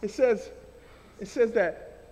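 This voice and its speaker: A man preaching a sermon in a casual, animated way, using everyday slang as he explains scripture. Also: high voice, takes it slowly, husky, long reverb tail.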